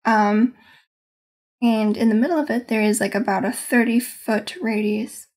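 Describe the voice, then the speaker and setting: A woman game master recaps her tabletop session in a loose, rambling way, pausing often and hedging while she gathers her words. Her voice sits a little higher than most women's. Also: steady tone, a little mellow. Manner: meandering, hedging, searching for words.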